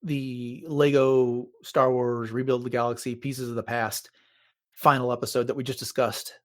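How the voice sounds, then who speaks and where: A man's voice: mid-range voice, level tone, moderate pace. A man co-hosting a podcast, retelling movie scenes in a casual chat and acting out quoted lines. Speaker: podcast co-host.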